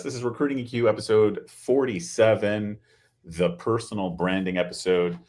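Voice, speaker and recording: A man's voice: fairly low pitch, measured pace, a little mellow. A man hosting a weekly video-call talk show, chatty and full of joking asides. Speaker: host. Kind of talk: casual webinar hosting.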